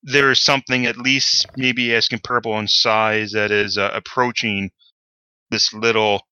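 Male game master for a tabletop session; halting narration, bright voice, close dry sound. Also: lowish voice, little pitch movement, clear, resonant tone, dry recording, rough recording. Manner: hesitant, many fillers.

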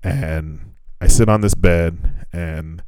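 A man's voice: low voice, slow pace, darkish tone, no room sound. A man hosting a podcast, telling a profane, laughing story in casual chat. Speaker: podcast host.

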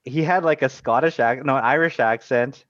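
A man's voice: medium pitch, moderate pace, fairly bright tone, no room sound. A man in a casual podcast chat, talking in loose, rambling runs and stopping to correct himself. The recording is dry and a little dull and lo-fi, with no room sound at all. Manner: rambling, self-correcting, frequent restarts. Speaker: podcast co-host.

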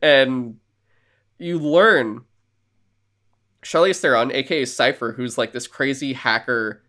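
A man co-hosting a casual podcast, excitedly rambling through a recap with swearing and lots of fillers. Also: medium pitch, slow. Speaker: podcast co-host.

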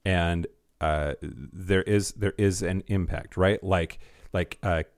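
A man's voice: low-pitched, fairly even intonation, slow, dry recording, studio quality. A man co-hosting a podcast in casual chat, rambling and restarting his sentences, with wry jokes. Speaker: podcast co-host.

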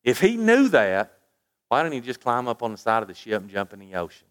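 A man's voice: mid-range voice, huge pitch swings, a little fast. A man preaching a sermon, reading scripture aloud with emphasis and putting rhetorical questions to his listeners. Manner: reads scripture aloud with rising emphasis, then drops to quiet asides; asks the congregation rhetorical questions.

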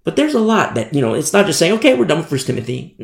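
A middle-aged man preaching a sermon as pastor, animated and repetitive, with many asides. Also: a little high, fast, creaky, reverberant.

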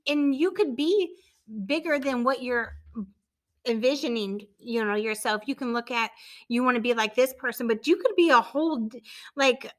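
Soft-spoken woman guest, slightly high voice, relaxed podcast chat. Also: moderate pace. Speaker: podcast guest, marketing business owner.

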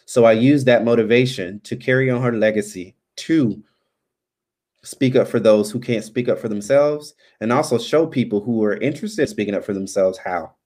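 A man's voice: medium pitch, normal speed, darkish tone. A man hosting a live stream, chatting loosely as he signs off, with many ums and restarts. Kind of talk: casual live stream sign-off chat.

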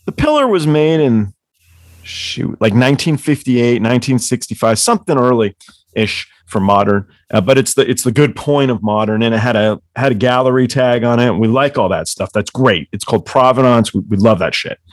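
A man's voice: mid-range voice, expressive, moderate pace, dry recording, studio quality. A man telling rambling, profane stories as the author guest on a casual book club chat. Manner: rambling, profane, laughing storyteller.

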